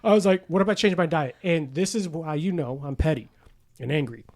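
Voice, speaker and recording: A man's voice: a little high, a little fast. A man in his forties hosting a podcast, telling stories in casual chat with lots of laughter and swearing, acting out the voices of people he quotes. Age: 40s. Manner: profane, laughing storyteller who acts out quoted voices. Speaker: podcast host.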